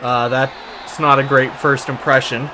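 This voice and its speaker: A man's voice: mid-range voice, flat delivery, measured pace, a crowd in the background, noisy background. Exasperated man calling his own gameplay. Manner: exasperated, sarcastic play-by-play with frequent restarts. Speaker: gaming YouTuber. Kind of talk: casual gameplay commentary.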